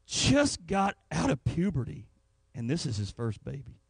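A man's voice: fairly high pitch, huge pitch swings, a little slow, vocal fry, slightly rough, no echo. A man preaching a sermon in a church, telling a personal story. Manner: storytelling, rising to anguished shouts. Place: church sanctuary.

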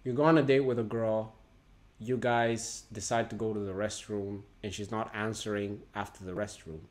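A man's voice: on the low side, little pitch movement, moderate pace. A man hosting a reaction video, joking loosely and laughing as he comments.

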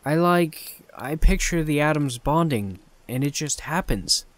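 A man's voice: fairly high pitch, lively intonation, a little slow, a bit bright, voice pushed up. A man voicing a rambling teen boy genius. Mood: excited. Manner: eager, rambling, boastful. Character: excitable teenage boy inventor, brother.

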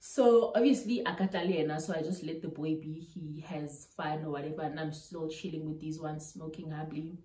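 A young South African woman with a South African accent tells a storytime vlog in animated style, mixing local-language words into her English. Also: sits low, moderate pace, few pauses. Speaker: YouTuber. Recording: roomy echo.

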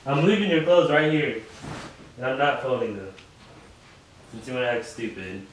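A man at home, talking casually in a prank video, grows exasperated and nags, saying the same thing over and over at normal speed and medium pitch. The audio comes from a distant mic in an echoey room with faint background noise.

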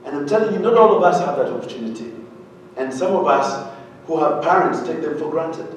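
A man from Uganda telling a humorous, animated story to an audience, often asking them questions. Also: a little high, brisk, a little hiss or hum. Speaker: speaker. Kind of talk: storytelling keynote talk. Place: large hall with an audience. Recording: very echoey hall, heard from a distance.

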